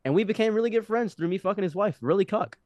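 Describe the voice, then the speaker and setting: A man's voice: high voice, quick pace, no echo, lo-fi sound. A man in his twenties, a podcast guest, telling a rambling story with lots of restarts. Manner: animated, rambling, frequent restarts. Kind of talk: casual storytelling.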